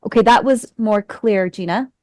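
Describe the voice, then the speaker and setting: Acting coach, woman, direct and instructive, mid-pitched, dry close sound. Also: moderate pace, a little mellow, dry recording. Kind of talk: class feedback.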